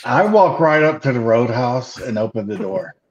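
A man playing in a tabletop game, speaking haltingly and repeating words as he starts. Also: mid-range voice, expressive, slight background noise, low-quality recording. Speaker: player.

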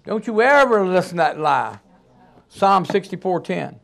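A man delivers a sermon in a high-pitched voice. He preaches emphatically, breaking into sudden loud outbursts. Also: sing-song, unhurried, vocal fry.

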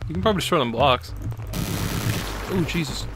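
A man's voice: fairly high pitch, expressive, a little fast, music in the background. A man playing a game with friends, teasing them and repeating taunts. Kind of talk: joking multiplayer gaming chat.

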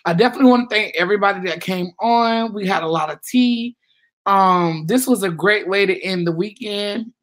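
A woman's voice: medium pitch, moderate pace. A woman hosting a casual livestream, rambling and chatty as she reads out viewers' comments. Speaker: livestream host.

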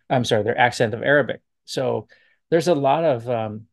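A man, a professor, giving casual spoken commentary on language, relaxed and thinking aloud as he digresses. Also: mid-range voice.

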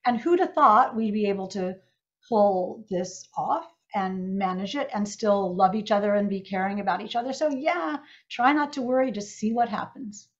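A woman's voice: mid-range voice, normal speed, muffled recording. A woman author chatting casually on a video call, bubbly and affectionate, laughing often. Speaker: author guest.

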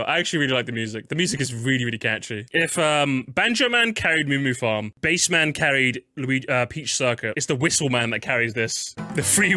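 A young man doing casual live-stream commentary while ranking game tracks, swearing a lot and jumping into high-pitched squeals when annoyed. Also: pushed and bright. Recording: game music playing faintly behind.

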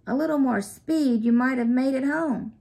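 Baseball coach, male, excited, cheering, loud, high, woman reading. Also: normal speed, gravelly.

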